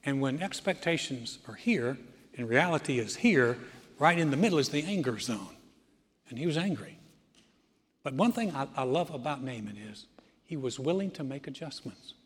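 A pastor preaching a sermon as an animated storyteller, often throwing in "man" and swinging from loud to quiet. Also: mid-range voice, moderate pace, slightly rough. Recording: long hall reverb.

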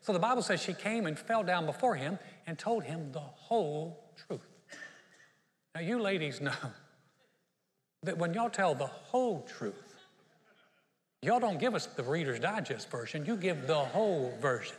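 A male pastor preaches in a lively, storytelling way, slipping into the voices of the people in his story. His voice sits a little high and rings with the long reverb of a large hall. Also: a little slow. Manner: storytelling, acts out the Bible characters. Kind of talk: sermon.

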